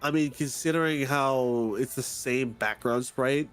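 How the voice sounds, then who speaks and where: Relaxed male guest, mid-pitched voice, easygoing delivery, faint music behind. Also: unhurried, clean tone. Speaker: co-streamer guest. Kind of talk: casual game read-along.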